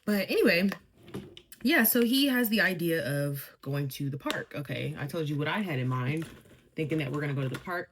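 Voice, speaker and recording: A chatty young woman tells a storytime while doing her makeup. Her voice sits a bit low for a woman, and she talks in an animated way with quick laughing asides. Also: a little hiss or hum. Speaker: beauty vlogger.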